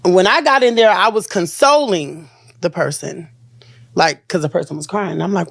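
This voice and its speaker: An interview guest recounting a painful experience in an earnest, halting way, with sentences that trail off and start again. The voice sits mid-pitch, and the recording is dry and close with no room sound. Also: creaky, a bit bright, no room sound. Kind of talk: emotional personal account in an interview.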